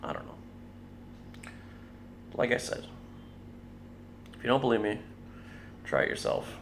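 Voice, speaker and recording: A man's voice: medium pitch, big pitch swings, a little slow, vocal fry, noisy background. A man reviewing beer in a casual vlog, wry and blunt, swearing offhandedly.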